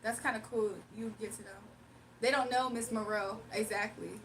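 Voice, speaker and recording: Young woman on a livestream, kinda high voice, laughing and chatting with viewers, bit far from the mic. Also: steady tone, moderate pace, a bit bright. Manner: playful, laughing, talks to chat. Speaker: livestream host. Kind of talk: casual livestream chat.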